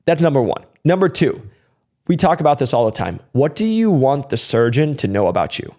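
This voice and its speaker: A young adult man talks through sales advice in a loose, energetic monologue at an ordinary mid-range pitch. He keeps it conversational, tossing in "like" and "right?" and slipping into quick bits of sample dialogue. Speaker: sales trainer and channel host.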